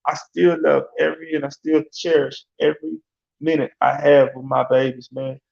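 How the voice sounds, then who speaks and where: A man's voice: fairly high pitch, fairly even intonation, a little fast, gravelly, darkish tone. A man, hosting a casual sports rant in a loose, slangy, rambling way with frequent laughs. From Alabama. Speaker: sports talk host. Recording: echoey room, dull lo-fi sound.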